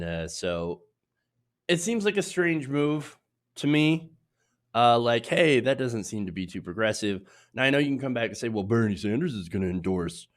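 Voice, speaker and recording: A man with a cold, hosting a casual political commentary show, opinionated and full of fillers and restarts. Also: fairly low pitch. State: sick with sniffles.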